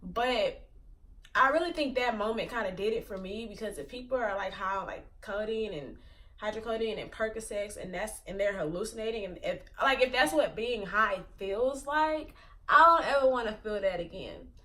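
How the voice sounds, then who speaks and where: Rambling through a personal story for her channel, a vlogger in her twenties peppers her casual retelling with "like" after "like." Her mid-range voice is animated, pushed and bright, at a moderate pace, recorded far from the mic.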